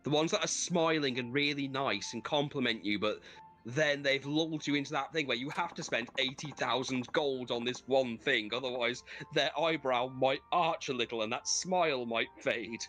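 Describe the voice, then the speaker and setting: A man hosts a gaming stream, telling stories as he plays in a casual, animated way that's full of swearing and laughter. Soft background music accompanies his mid-range voice, which moves at a moderate pace.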